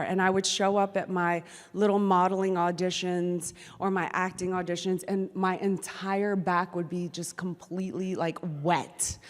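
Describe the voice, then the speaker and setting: A middle-aged woman from New Orleans telling an animated personal story in an excitable, chatty way. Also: medium pitch. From New Orleans, USA. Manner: excitable, chatty, acts out her own past talk. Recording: long hall reverb.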